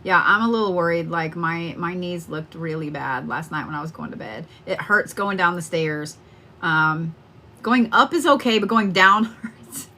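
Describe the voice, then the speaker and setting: A middle-aged woman runs a live stream as a card reader, chatting loosely and profanely with her audience. Her voice sits slightly low but rings bright and punchy. She rambles and circles back in an easy, unfiltered way. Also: normal speed, slight background noise. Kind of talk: casual live-stream chat to viewers.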